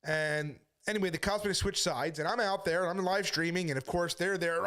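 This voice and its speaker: High-voiced man telling a story. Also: sharp tone. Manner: brisk retelling full of quoted back-and-forth. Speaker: street preacher. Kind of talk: casual storytelling monologue.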